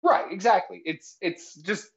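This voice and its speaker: A man's voice: high-pitched, unhurried, vocal fry, a bit bright. A man co-hosting a jokey live cooking stream, explaining absurd facts in a mock-authoritative tone and tagging lines with "all right?". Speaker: cooking show co-host. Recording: slightly dull lo-fi stream audio.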